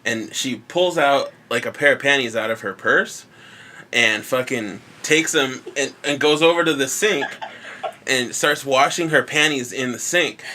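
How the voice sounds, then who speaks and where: Casting: male podcast host, bright tone, loose storyteller with constant swearing and laughs, faint background hum. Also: medium pitch, a little slow. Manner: laid-back, swears a lot, laughs often. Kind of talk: casual chat, storytelling.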